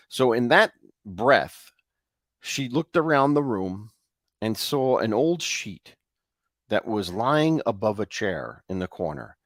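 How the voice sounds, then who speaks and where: A man co-hosting a show, casually retelling a ghost story in a loose, halting way. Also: lowish voice, very animated, no room sound, clean studio sound. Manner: loose, with fillers and restarts. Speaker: co-host.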